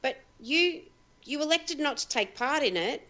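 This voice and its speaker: A woman's voice: high voice, expressive, normal speed, bright, forceful tone. Australian woman, forthright co-host. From South Australia. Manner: forthright, indignant on topics. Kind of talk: casual chat.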